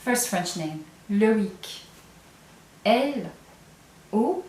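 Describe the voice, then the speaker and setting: A woman's voice: mid-range voice, lively intonation, drawn-out words, darkish tone, reverberant, slight background noise. A woman teaching a language lesson patiently, step by step, often checking in with the learner. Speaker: French teacher.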